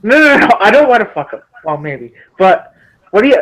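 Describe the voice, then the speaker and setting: A man's voice: high voice, big pitch swings, brisk, fairly bright tone, rough recording. A man on a drunk group stream, talking hyper and crude, with lots of laughing and stammering. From Michigan. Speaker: stream guest. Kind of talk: drunk casual chat.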